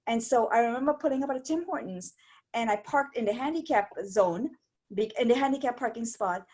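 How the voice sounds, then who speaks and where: A woman, a stroke survivor telling her story as an interview guest in a rambling, animated way with many restarts. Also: on the high side, brisk. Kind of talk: casual interview chat.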